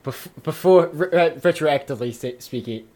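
A man playing a tabletop game, hesitant and soft-spoken, often stumbling and restarting his sentences. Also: a little high, moderate pace. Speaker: player.

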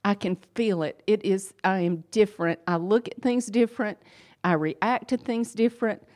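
A woman's voice: mid-range voice, normal speed, a little mellow. A woman in her fifties giving a personal faith testimony, earnest and emphatic, talking conversationally with fillers. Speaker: speaker sharing a faith testimony.

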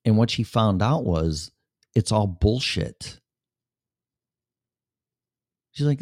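A man's voice: fairly low pitch, expressive, normal speed, darkish tone, no room sound, studio quality. A man hosting a show, talking casually and bluntly to a listener with plenty of swearing. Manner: blunt, profane, talks straight to a listener. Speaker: show host.

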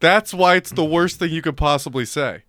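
A man's voice: on the high side, moderate pace, sharp tone, no room sound. Young male podcast co-host, dry sound, teasing and laughing through casual banter. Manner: teasing, laughs often, mock-exasperated.

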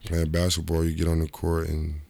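A man's voice: very deep voice, fairly quick, creaky, no echo. A middle-aged man, a former basketball player, tells stories from his career in a casual interview, rambling and restarting his sentences. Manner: rambling, repeats and restarts, lively quoted asides.

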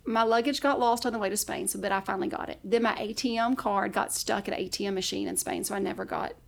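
A podcast guest tells a personal story in casual conversation, her mid-range voice fairly even in intonation, fast, and touched with vocal fry. She's chatty, laughs often, and acts out the things she said back then.

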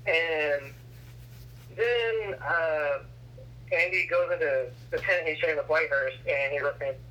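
A man's voice: on the high side, slow pace, bright, forceful tone, far from the mic, dull audio. A man co-hosting a podcast, casually retelling a movie plot with lots of fillers and swearing. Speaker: podcast co-host. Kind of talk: casual movie recap chat.

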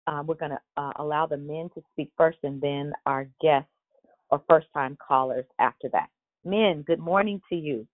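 A woman's voice: low voice, moderate pace, no room sound. Woman hosting a church phone line. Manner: warm, encouraging, sermon-like cadence. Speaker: host of a prayer call line.

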